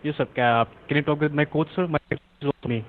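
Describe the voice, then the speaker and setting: Brief: male phone caller, middle pitch, deferential and sir-heavy, tinny line with a faint hiss. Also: fairly even intonation, fast. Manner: deferential, keeps saying sir. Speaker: phone scammer on the call. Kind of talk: phone conversation.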